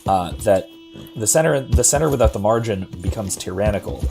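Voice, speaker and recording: A man's voice: on the low side, expressive, a little fast, vocal fry, music in the background. A man from Florida with a general American accent, casually talking philosophy while he plays a game, thoughtful and rambling with many fillers and restarts. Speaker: streamer. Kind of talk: casual chat while gaming.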